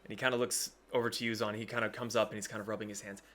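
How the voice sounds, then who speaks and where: A man narrating a tabletop game as game master, in a relaxed, hedging way. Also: on the low side, rapid-fire.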